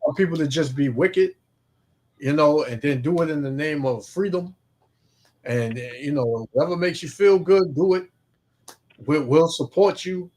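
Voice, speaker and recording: A man hosting a relaxed talk stream, drawling with lots of fillers. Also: a little high, normal speed. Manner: laid-back, drawling, many fillers. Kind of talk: casual chat and scripture reading.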